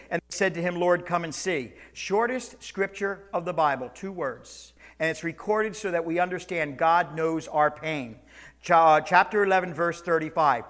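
A man preaching a sermon to his church, swinging between loud calls and quiet, slow lines. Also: sits high. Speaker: pastor. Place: church sanctuary, also streamed online.

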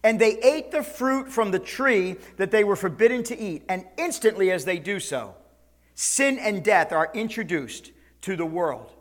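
A male pastor preaching a sermon, swinging between loud, high passages and soft, low ones. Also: expressive, moderate pace.

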